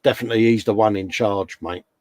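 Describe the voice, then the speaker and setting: Jokey bloke with a dry sound. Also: male voice, fairly low pitch, steady tone, fast talker, darkish tone, no echo. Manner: jokey banter, slang, puts on funny voices. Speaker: host. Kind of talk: casual chat. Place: hobby workshop bench.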